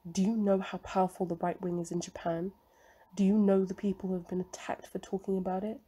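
A woman voicing an elderly male Chinese professor who speaks in a low, bitter, guarded tone. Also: level tone, a little fast, warm tone, husky, close to an everyday voice. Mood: hushed warning.

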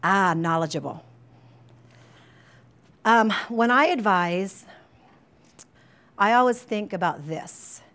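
A middle-aged woman college counselor giving an informal staff training talk in a chatty, joking, animated way, with plenty of fillers. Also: mid-range voice, slow pace, long pauses. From United States. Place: presentation room, talking to staff.

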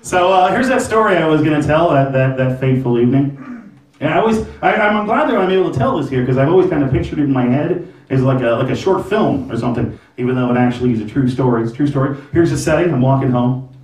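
Animated male stand-up comic, roomy venue. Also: a little high, quick pace. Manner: animated storytelling, frequent "right?" asides. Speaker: stand-up comedian. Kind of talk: stand-up comedy set. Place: comedy venue with live audience. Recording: roomy, from far off.

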